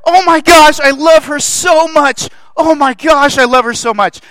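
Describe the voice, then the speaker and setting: A man's voice: very high-pitched, unhurried, dry recording, pitched above the performer's own voice, rough recording. A man voicing God as an overjoyed, doting male deity who gushes and repeats himself. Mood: ecstatic. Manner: shouting, gushing, repeating himself.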